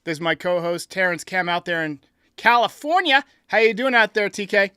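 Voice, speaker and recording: A man hosting a sports podcast, talking in an energetic, upbeat way and laughing easily. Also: high voice, moderate pace, smooth, no echo, studio quality. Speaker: podcast host. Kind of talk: casual sports podcast talk.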